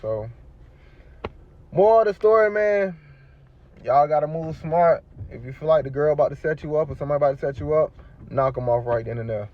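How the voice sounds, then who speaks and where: Man from Virginia, animated storyteller. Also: medium pitch, fast talker, phone-quality sound. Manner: animated, acts out the dialogue and sounds; repeats phrases for emphasis. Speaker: interview guest telling his survival story. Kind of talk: casual storytelling.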